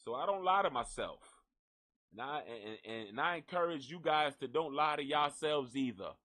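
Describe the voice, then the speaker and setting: A man's voice: fairly high pitch, moderate pace, bright, forceful tone. A man hosting a live gossip stream, rambling and cursing in a jokey, casual way as he signs off. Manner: profane, rambling, jokey, talks to an unseen donkey.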